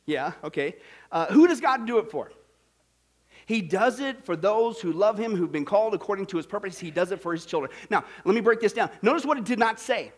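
A male pastor with a notably high-pitched voice delivers an emphatic sermon. He drops to hushed, quiet lines and then rises to loud, shouted emphasis.

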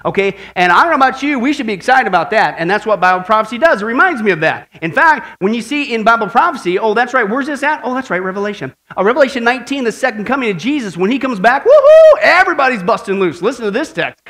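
A male pastor preaching an animated sermon that swings from quiet asides to shouted praise. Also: high-pitched, quick pace, hardly any pauses, rough recording.

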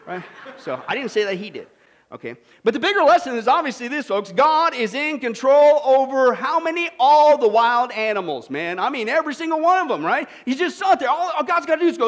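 A man preaching a sermon, animated and folksy, with acted-out voices and asides to the congregation. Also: high-pitched, fairly quick. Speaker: pastor.

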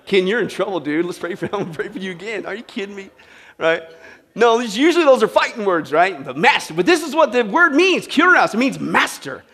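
A man preaching a sermon to a congregation, animated and asking them questions. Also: sits high, brisk, slightly rough. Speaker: pastor. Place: church with a live congregation.

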